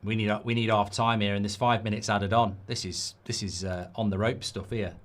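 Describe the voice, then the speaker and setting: A man's voice: on the low side, steady tone, moderate pace. A man hosts a live football watchalong, reading viewer comments aloud and breaking into exasperated, sweary outbursts at the game. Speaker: watchalong host.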